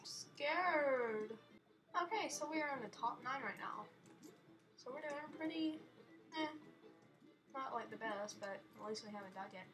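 A woman hosting a casual gaming video from her bedroom, chatty and giggly with playful dramatic outbursts. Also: fairly high pitch. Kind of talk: casual let's-play commentary.

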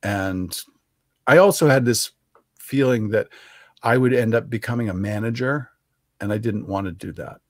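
A man's voice: lowish voice, normal speed, long pauses, no echo, clean studio sound. A man, an author, talking as a guest in a casual remote interview, wry and self-deprecating. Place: home, remote video call.

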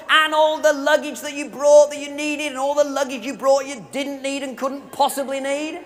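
A man's voice: extremely high pitch, moderate pace, few pauses, a bit bright, some chatter behind, slight background noise. A man preaching a sermon at a conference, telling stories with humour and appealing directly to his audience. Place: large hall at a conference event. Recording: live recording in a reverberant hall.

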